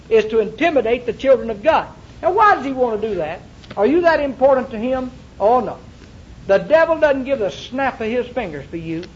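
A man's voice: very high-pitched, darkish tone, muffled recording. A male pastor preaching a sermon to a congregation, with emphatic repetition and rhetorical questions. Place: church before a congregation.

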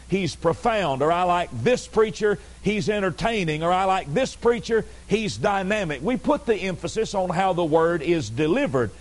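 A man's voice: on the high side, a little mellow, low-quality recording. A male pastor preaching a Sunday night sermon to his congregation, emphatic and repetitive, pressing direct questions on his listeners. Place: church service on a Sunday night.

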